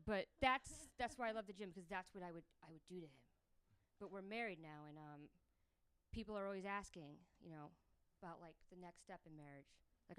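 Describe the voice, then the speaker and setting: A woman's voice: mid-range voice, clear, resonant tone. A young woman doing a crude, brash stand-up comedy set on stage before a live audience. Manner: crude, brash punchlines with big vocal jumps.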